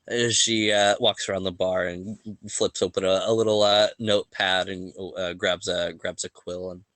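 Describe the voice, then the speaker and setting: A man narrating as game master of a tabletop game in a relaxed, halting way. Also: on the low side, no room sound.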